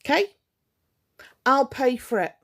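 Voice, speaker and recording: A woman's voice: high voice, big pitch swings, slow pace, a bit bright. A woman ranting on a live stream to her viewers, indignant and confrontational, hammering her points home by repeating them.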